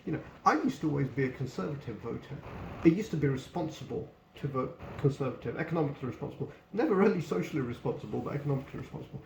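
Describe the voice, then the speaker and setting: A man's voice: mid-range voice, expressive, rapid-fire, gravelly. A man giving a casual spoken book review, blunt and opinionated, swearing freely. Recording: echoey room with faint background noise.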